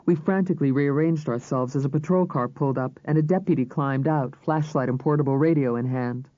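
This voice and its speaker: A man reading a crime novel aloud as narrator, in a measured, even storytelling manner. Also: mid-range voice, no echo. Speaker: audiobook narrator. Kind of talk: scripted narration. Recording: slightly dull audiobook recording.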